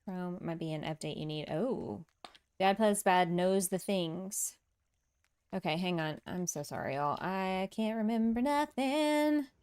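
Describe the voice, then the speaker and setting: A woman's voice: medium pitch, unhurried, clear, resonant tone. A woman streamer chatting casually with her viewers as she builds in a farming game, reading their comments aloud, laughing often and poking fun at herself. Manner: chatty, self-deprecating, laughs often, reads and answers chat aloud. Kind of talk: casual livestream chat while building. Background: soft game music.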